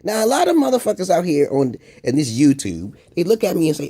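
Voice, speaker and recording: A man in a profane, rambling video monologue, dropping to low mutters and then jumping to high exclamations. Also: huge pitch swings, fast talker, few pauses, dark tone, breathy edge. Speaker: video blogger. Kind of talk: casual ranting monologue.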